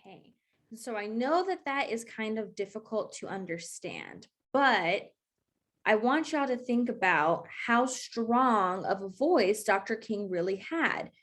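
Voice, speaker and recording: A woman's voice: mid-range voice, animated, measured pace, fairly bright tone. A young woman teaching an online class, encouraging and checking in often with her students. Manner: encouraging, checks in with frequent okays.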